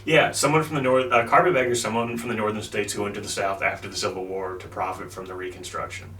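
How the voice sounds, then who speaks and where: A man's voice: fairly low pitch, steady tone, fast, bright, forceful tone. A man hosting a comedy podcast, casually telling a history story with lots of fillers. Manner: rambling, loose, with lots of likes and ums. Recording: echoey room, distant mic, faint noise.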